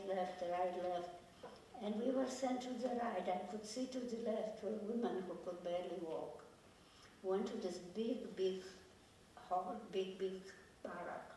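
An older woman from Poland recounts her memories in a quiet, grave, halting way, often circling back to repeat a phrase. Her voice is mellow and dark, heard from a distance. The recording rings with a heavy echo, as though made in a large bare room. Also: medium pitch, slight background noise. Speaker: Holocaust survivor giving testimony. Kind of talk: personal testimony. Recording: very echoey room, voice from far off.

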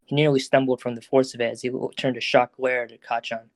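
Brief: male narrator for a fan audio drama, mid-pitched and flat, dry close sound. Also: fast talker, no echo. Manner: even, steady storytelling.

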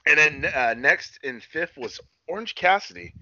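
A man rambles through a loose, profane recap, stumbling over fillers and restarts. His voice is bright and forward. The sound is dry and a little dull, as if from a modest home mic. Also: fairly high pitch, expressive, normal speed, no echo. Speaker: podcast co-host recapping wrestling. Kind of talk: casual chat.

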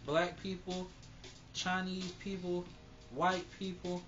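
A man co-hosting a podcast, talking in loose, profane, animated chat and laughing readily. His voice sits at an ordinary pitch and comes through a dull, lo-fi recording. Music plays clearly behind him. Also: slow. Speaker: podcast co-host. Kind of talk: casual chat.

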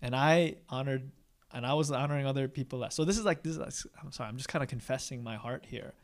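Speaking frankly and with self-deprecating humor, a young pastor delivers a conversational sermon, regularly adding "right?" after his points. His voice is mid-range and he talks fast.

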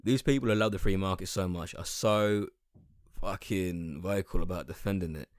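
Deep-voiced young man, profane and sarcastic. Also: moderate pace, no echo, clean studio sound. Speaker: podcast host. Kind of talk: casual podcast rant.

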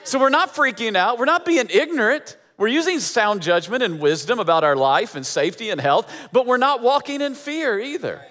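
Male pastor, high voice, emphatic repetitive sermon delivery, hall reverb. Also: very animated, normal speed, few pauses, bright, forceful tone. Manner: emphatic, repeating phrases for effect.

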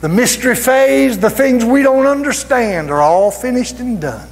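A man preaching a sermon fervently, drawing out key words and rising to shouts. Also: very high-pitched, expressive, normal speed, hardly any pauses. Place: church sanctuary. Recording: reverberant church hall with music.

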